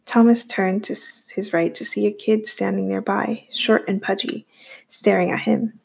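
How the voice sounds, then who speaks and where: A woman reading a novel aloud in a steady storytelling manner. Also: mid-range voice, moderate pace, creaky, breathy edge. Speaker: audiobook reader.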